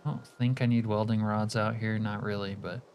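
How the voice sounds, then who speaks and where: Laid-back male game streamer, lowish voice. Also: normal speed, a little hiss or hum. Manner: relaxed, reads chat aloud, muttered asides to the game. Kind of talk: live-stream chat while gaming.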